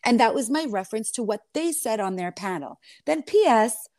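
Sassy, animated woman telling her side. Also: fairly high pitch, normal speed, no room sound, clean studio sound. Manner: animated, sassy, calls listener honey. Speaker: reality TV star giving an interview. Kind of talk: candid storytelling interview.

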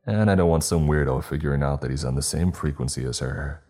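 A man's voice: extremely low pitch, quick pace, a little mellow. A man voicing a laid-back male family friend who explains things patiently. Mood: easygoing.

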